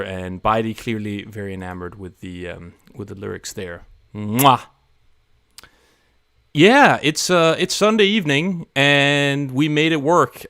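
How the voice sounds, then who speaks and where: Male live-stream host, rambling and self-deprecating, smooth but gravelly tone, dry close sound. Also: mid-range voice, fairly bright tone, no echo. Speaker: livestream host. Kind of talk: casual live-stream chat.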